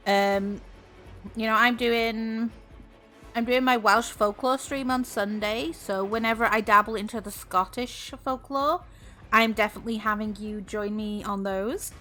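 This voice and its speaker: A woman's voice: fairly high pitch, steady tone, a little slow, pushed and bright, soft background music. A woman streamer chatting casually with her viewers, bubbly and giggly, laughing often.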